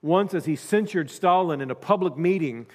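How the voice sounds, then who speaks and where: A male pastor preaching a sermon, dropping to quiet asides and then rising to loud emphasis. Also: a little high, normal speed, big-room sound.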